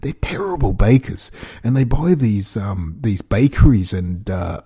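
A man's voice: medium pitch, sing-song, measured pace, dark tone, slightly rough. An Australian man rambling through a casual monologue to his viewers, with an incredulous, chuckling way of talking. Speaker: vlogger.

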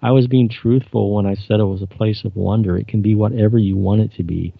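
A man reading as a patient, menacing male alien, low gravelly voice, quiet flat delivery, dry muffled recording. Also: brisk, dry recording. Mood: coaxing.

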